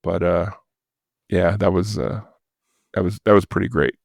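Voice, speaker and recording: A man's voice: low-pitched, measured pace, gravelly, no echo, studio quality. An older man, a podcast guest, casually telling an anecdote and acting out the voices of the people in it. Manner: lively storyteller who acts out quoted voices. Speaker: podcast guest, former record store manager.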